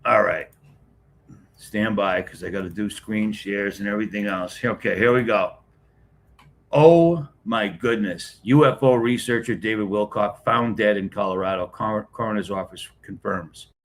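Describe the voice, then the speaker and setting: A man's voice: lowish voice, fairly even intonation, normal speed, a bit bright, a little hiss or hum. A middle-aged man from the Boston area, hosting a casual live stream, greeting commenters one by one and answering them in a blunt, wisecracking way. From Boston area, New England. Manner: blunt, wisecracking, talks straight to chat.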